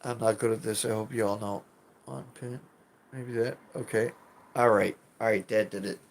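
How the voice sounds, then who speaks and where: A man's voice: medium pitch, darkish tone. A man casually chatting with his live chat as a streamer, rambling, self-deprecating and swearing now and then.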